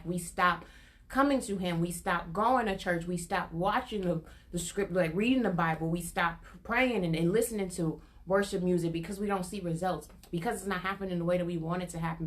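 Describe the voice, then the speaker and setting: Earnest woman giving a prophetic word. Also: fairly low pitch. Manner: earnest and repetitive, building in intensity. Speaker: prophetic minister. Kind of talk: informal prophetic testimony.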